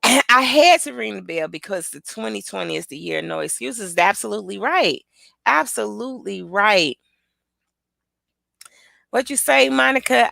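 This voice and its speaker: Woman motivational host, gravelly voice, lively pitch, casual live-stream chat to viewers. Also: a little slow, no echo. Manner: lively, chatty, talks straight to viewers.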